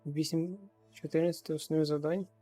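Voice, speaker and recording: A man's voice: a little high, flat delivery, fast talker, mellow, faint music behind. A man from Ukraine giving casual let's-play commentary, joking and muttering reactions to the game. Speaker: gaming streamer.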